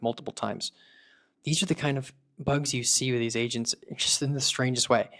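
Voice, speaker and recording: A man's voice: medium pitch, steady tone, moderate pace, a bit bright. A man hosting a casual screen-recorded tech tutorial, thinking aloud as he tests and debugs a voice agent. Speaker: tech video creator building voice agents.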